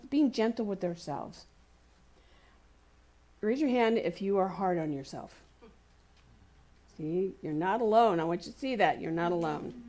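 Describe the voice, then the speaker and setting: Woman of medium pitch for a conversational sermon, relaxed storyteller who laughs and acts out little voices. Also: a little hiss or hum. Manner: warm anecdotal storytelling with laughs and playful quoted voices. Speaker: speaker at a spiritual community service. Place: community center hall.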